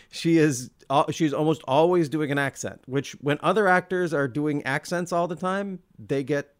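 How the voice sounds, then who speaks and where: A man's voice: fairly high pitch, unhurried. A man co-hosting a casual film podcast, talking thoughtfully and with enthusiasm, stretching words and restarting his sentences. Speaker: podcast co-host.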